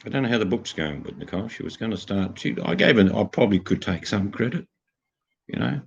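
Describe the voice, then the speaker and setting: An Australian man in casual chat who rambles through joking, deadpan tall tales. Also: lowish voice, fast, creaky, husky, highs cut off. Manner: joking, meandering, deadpan storytelling.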